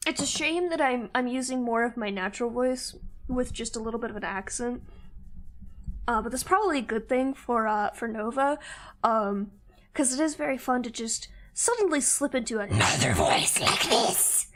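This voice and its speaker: A woman's voice: fairly high pitch, moderate pace. A young woman from Missouri with a mild Southern-Midwestern accent, chatting casually and giggling with her viewers while she draws on a live stream. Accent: mild Southern-Midwestern American mix. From Missouri, USA.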